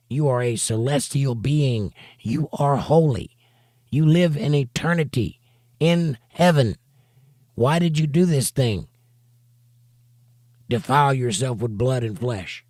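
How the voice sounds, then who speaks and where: Bible study teacher, male, mid-pitched voice, reads passages then comments emphatically, dry close sound. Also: animated, takes it slowly, darkish tone, no echo. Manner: emphatic, rhetorical asides between readings. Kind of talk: reading scripture aloud with commentary. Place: home studio for a livestream.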